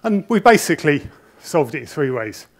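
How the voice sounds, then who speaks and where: A man's voice: fairly high pitch, big pitch swings, normal speed. A middle-aged man speaking at a conference, a nervous, chatty storyteller who jokes at his own expense, on a wireless presenter mic. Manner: nervous, chatty storyteller with self-deprecating humour. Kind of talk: conference talk. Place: conference hall. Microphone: wireless presenter mic with a body pack.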